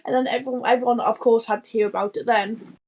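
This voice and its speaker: A woman's voice: fairly high pitch, fairly even intonation, quick pace, a little mellow. A woman co-hosting a podcast, telling a rambling anecdote in casual chat, with lots of restarts, laughter and swearing. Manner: swears freely. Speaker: podcast co-host.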